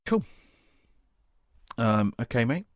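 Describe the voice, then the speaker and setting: A man's voice: medium pitch, very animated, slow pace, dry recording, clean studio sound. A man co-hosting a podcast in easygoing casual chat, reading out listener questions. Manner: easygoing, reads out listener questions, calls the other "mate". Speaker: podcast co-host.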